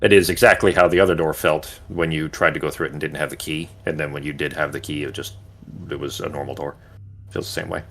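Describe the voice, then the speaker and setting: A man running a tabletop game as game master, describing scenes with frequent pauses and restarts. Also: rumbling low, fairly even intonation, fairly bright tone. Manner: hesitant, restarts often while describing.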